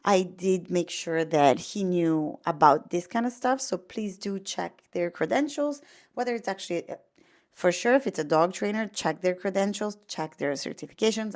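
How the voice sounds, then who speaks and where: Italian-accented woman, lowish voice, casual dog-behaviorist explainer, chatty with lots of fillers. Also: moderate pace. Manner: chatty, full of fillers and restarts.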